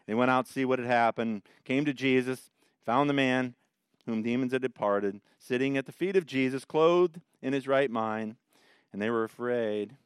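A man's voice: mid-range voice, moderate pace, clear, resonant tone, no echo, studio quality. A man teaching a Bible study in a folksy, joking way, telling stories between verses. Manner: folksy storytelling with lively jokes. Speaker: pastor leading a Bible study.

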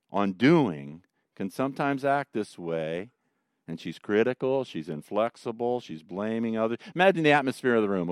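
A middle-aged man preaches with a lower, smooth and resonant voice, recorded close and dry. He swings from loud emphatic lines down to hushed, tender ones. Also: dry recording. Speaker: pastor. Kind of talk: sermon.

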